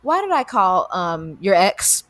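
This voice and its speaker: A woman's voice: fairly low pitch, sing-song, a little slow, a bit bright. A young woman co-hosting a podcast, retelling a story casually with lots of fillers, swearing, and acted-out quotes. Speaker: podcast co-host.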